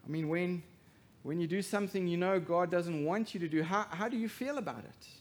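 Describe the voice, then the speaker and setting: A man preaching a sermon as pastor, swinging from hushed to loud emphasis and asking the congregation rhetorical questions. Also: sits high, fairly quick.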